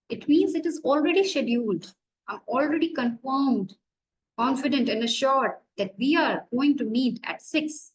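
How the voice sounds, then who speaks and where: A woman's voice: sits high, animated, moderate pace, poor audio. A woman college lecturer with an Indian English accent, teaching grammar and asking and answering her own questions.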